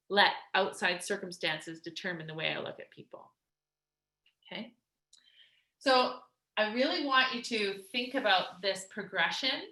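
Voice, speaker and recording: A woman weight loss coach giving an energetic, emphatic motivational talk, chatty with lots of restarts. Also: medium pitch. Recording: roomy echo.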